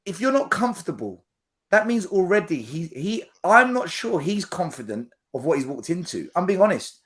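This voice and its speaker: A man's voice: high voice, big pitch swings, normal speed, fairly bright tone. A man hosting a casual podcast chat, blunt and emphatic as he gives his opinions. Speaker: podcast host.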